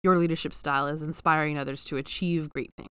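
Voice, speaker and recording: A young adult woman playing in a tabletop game, playful and quick to laugh. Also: deep voice, fairly even intonation, smooth, no echo. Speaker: player. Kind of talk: casual tabletop play.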